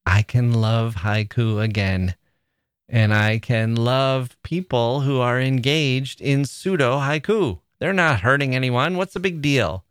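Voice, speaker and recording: A man's voice: medium pitch, slow, clean tone, no room sound, clean studio sound. A man hosting a podcast in an opinionated monologue, exasperated and sarcastic by turns, then questioning himself aloud. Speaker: podcast host.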